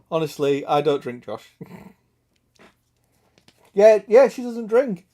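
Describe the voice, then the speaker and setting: A man's voice: sits high, very animated, slow pace, long pauses, warm tone. A young man streaming a game, chatting crudely with lots of swearing and laughter. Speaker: gaming streamer. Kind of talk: casual gameplay chat.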